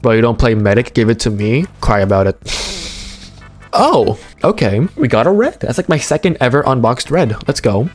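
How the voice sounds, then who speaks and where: A young man giving casual, jokey commentary while opening game cases, excitable and swearing, his voice jumping up when he gets hyped. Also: medium pitch, moderate pace, soft background music. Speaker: gaming streamer.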